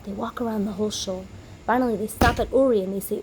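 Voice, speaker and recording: A woman teacher giving a holiday lesson to children, telling a story in an animated way and acting out the characters' lines. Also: medium pitch, quick pace, a little hiss or hum, rough recording.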